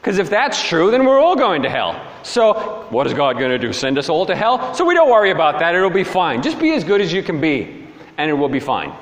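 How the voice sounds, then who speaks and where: A man's voice: a little high, wildly swooping pitch, brisk. A man voicing an ordinary, complacent man who brushes off any worry about judgment in a breezy, dismissive way. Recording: long hall reverb.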